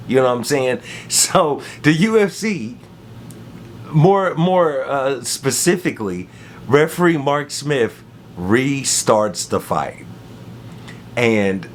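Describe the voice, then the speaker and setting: Animated man recapping a fight. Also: medium pitch, a little hiss or hum. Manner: animated storytelling with slang and repeated phrases. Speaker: MMA commentary host. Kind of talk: casual fight recap monologue.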